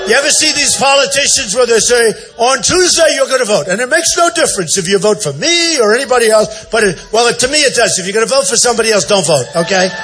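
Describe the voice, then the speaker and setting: A man in his sixties, a political candidate giving an off-the-cuff campaign rally speech in a large indoor event center. He repeats himself, boasts, and often shouts out to the crowd. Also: very high-pitched, expressive, fast talker, few pauses, background noise. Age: 60s.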